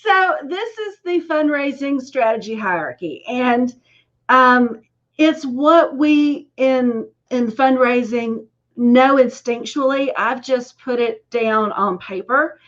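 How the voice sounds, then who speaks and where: A woman with a Southern drawl lays out her ideas slowly and calmly over a video call. Her voice is fairly high, and the call audio sounds dull and lo-fi. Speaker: guest speaker on fundraising.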